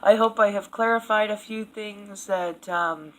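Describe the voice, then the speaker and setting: Female vlogger, casual profane rant, mid-pitched and blunt. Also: measured pace, poor audio. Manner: blunt, swears freely, laughs at own jokes. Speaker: video blogger. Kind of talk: casual opinion rant to camera.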